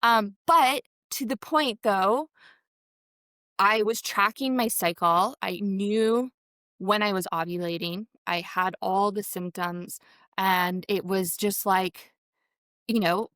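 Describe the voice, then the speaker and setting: A woman appears as a guest on a podcast, telling her story in a conversational interview with a mid-range, sharp-toned voice at a slow pace. The studio-quality recording has no room sound, and her rambling account is full of fillers and acted-out quotes.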